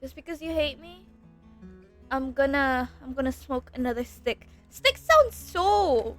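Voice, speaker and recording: A woman's voice: high-pitched, fairly even intonation, normal speed, faint music behind. A young woman streamer chatting casually into a close desk mic while snacking, giggly and rambling, repeating herself when flustered. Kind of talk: casual livestream chat while eating.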